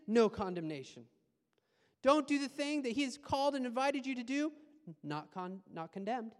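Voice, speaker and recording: A man preaching a sermon as a pastor, animated and conversational, with playful asides. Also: very high voice, in a large hall.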